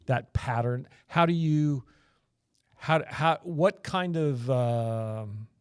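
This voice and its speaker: Male host, mid pitch, hesitant questions, dry recording. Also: drawn-out words, clear, resonant tone, no room sound. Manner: hesitant, searching for words. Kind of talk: interview questions.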